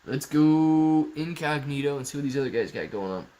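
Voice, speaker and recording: A man's voice: a little high, expressive, moderate pace, mellow. A man hosting a casual livestream, chatting and answering viewer comments in a loose, rambling way. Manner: chatty, restarts sentences, calls viewers guys and bro. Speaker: livestream host.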